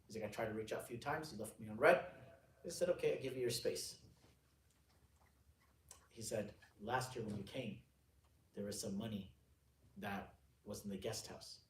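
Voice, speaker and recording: An Islamic scholar with a lowish voice gives a religious lecture to a gathering, telling an anecdote in a casual, conversational way full of "you know" and restarts. When explaining sayings, he slows down and adds emphasis. The distant mic sounds roomy, with faint ambience.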